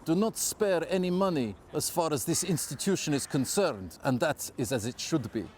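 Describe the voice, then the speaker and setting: A man's voice: fairly high pitch, animated, moderate pace, darkish tone, a little hiss or hum, lightly acted. A man putting on a Russian accent to voice a middle-aged revolutionary in a stiff, mock-solemn recitation, outdoors on a city street.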